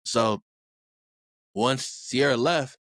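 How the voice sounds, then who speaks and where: Co-hosting a pop culture podcast, this man recaps a reality show in loose, rambling casual chat full of fillers and restarts. He speaks extremely slowly in a medium-pitched, slightly bright voice, recorded at studio quality with no room sound.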